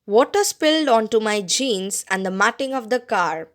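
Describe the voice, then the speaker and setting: A woman narrating a story as an audiobook reader, expressive and bringing out the dialogue. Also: fairly high pitch, moderate pace.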